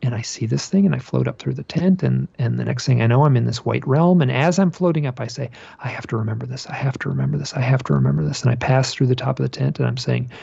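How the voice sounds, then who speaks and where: A man being interviewed about a personal experience, telling it as an animated story, often repeating phrases and restarting his sentences. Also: medium pitch, fast, gravelly, few pauses, slightly rough, no echo, lo-fi sound. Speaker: podcast guest.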